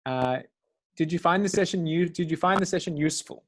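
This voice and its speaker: A man's voice: on the high side, brisk, a bit bright. A man hosts a live online webinar, reading out viewer questions and running polls. He speaks in an upbeat, chatty moderator's way, with frequent fillers, over a video call. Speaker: webinar host.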